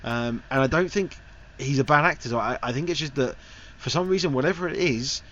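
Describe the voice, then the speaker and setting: A man's voice: medium pitch, brisk, fairly bright tone. A man giving a casual, frank spoken film review, his sentences loose and wandering. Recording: slightly dull recording with faint hiss.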